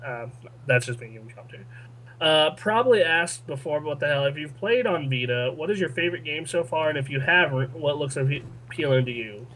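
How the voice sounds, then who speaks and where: A man's voice: a little high, lively intonation, fairly quick, fairly bright tone, poor audio. A young man co-hosting a casual gaming podcast, rambling with lots of fillers and restarts. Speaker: podcast co-host reading listener questions. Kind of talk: casual chat.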